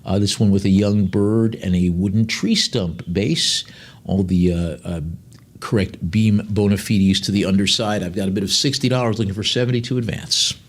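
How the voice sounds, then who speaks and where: A man working as an auctioneer, calling bids quickly and describing each lot in a slower, chatty way with dry jokes. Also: on the low side, fairly even intonation.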